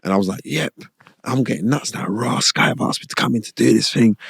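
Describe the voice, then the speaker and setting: A middle-aged man, telling stories in an interview, animated and slangy, repeating his phrases. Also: mid-range voice, fairly quick, creaky, husky, no room sound, studio quality. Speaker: boxing pundit and former boxer. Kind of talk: casual storytelling interview.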